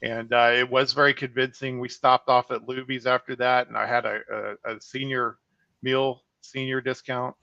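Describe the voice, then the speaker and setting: A man's voice: medium pitch, normal speed, vocal fry, dry recording. A man, a horror film director, telling casual, profane stories as a guest on a video call, with lots of fillers. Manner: animated, swears freely, many fillers. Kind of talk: casual anecdotal storytelling. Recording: dull, muffled call audio.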